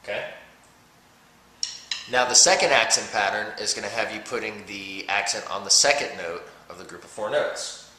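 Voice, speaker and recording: A man's voice: on the low side, moderate pace. A man teaching a drum exercise, explaining patiently step by step and counting off beats. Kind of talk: instructional talk with count-offs. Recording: roomy with loud drum playing between talk.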